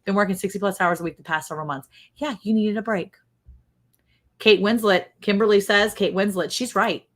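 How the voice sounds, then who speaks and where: A woman's voice: mid-range voice, a little fast. A woman hosting a casual livestream, quizzing her co-host and reading viewer comments aloud. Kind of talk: casual chat, running a guessing game.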